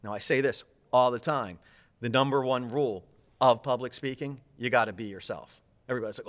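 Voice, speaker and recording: A man giving interview answers as a public speaking coach, energetic and fast-talking, gesturing as he speaks. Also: medium pitch.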